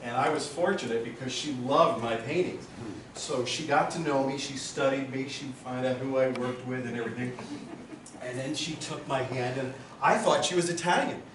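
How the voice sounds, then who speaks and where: A man's voice: mid-range voice, normal speed, noisy background. A man giving a rambling, emotional memorial speech about a late friend at a gathering. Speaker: memorial speaker. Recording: roomy hall, far from mic.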